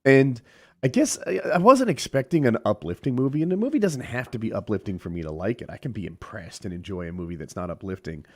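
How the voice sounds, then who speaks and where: Man, podcast co-host, low voice, expressive pitch, halting critical chat. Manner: critical, hesitant, many restarts. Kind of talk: casual movie review chat.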